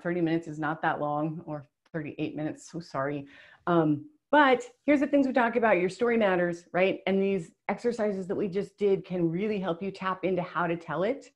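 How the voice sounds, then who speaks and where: Hosting an online workshop on a video call, a webinar presenter reads aloud what participants have written. Her voice is slightly low, and her delivery is upbeat, emotional, and chatty, full of fillers.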